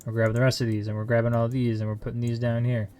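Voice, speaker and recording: A man's voice: medium pitch, level tone, racing, warm tone. A man streaming a shop simulator game live, talking to himself with frantic exclamations and silly mild curses over faint music and keyboard clicks. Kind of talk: casual live gameplay commentary.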